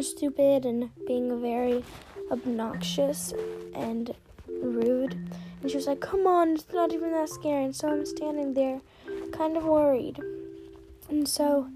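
On her podcast, a female host shares a personal story in a loose, meandering way, her speech full of "like." Her voice is soft and pitched high, and at times it drops to a whisper.

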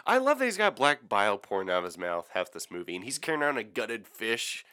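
An excitable man co-hosting a casual movie podcast. His voice swoops widely in pitch and sounds bright, and he talks with emphatic, jokey enthusiasm. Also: fast. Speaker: podcast co-host.

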